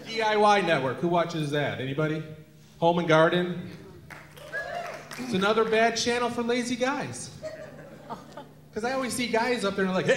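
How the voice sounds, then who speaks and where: A man's voice: high voice, lively intonation, fairly quick. A man doing self-deprecating stand-up comedy on stage at a benefit show, acting out voices. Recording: echoey hall with laughing crowd. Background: audience laughter.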